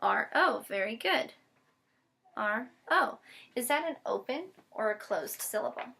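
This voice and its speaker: A woman teacher giving a patient one-on-one phonics lesson, modeling each step slowly and spelling words out letter by letter. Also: a little high, animated, vocal fry, pushed and bright. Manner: slow, deliberate modeling with frequent check-ins. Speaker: special education teacher.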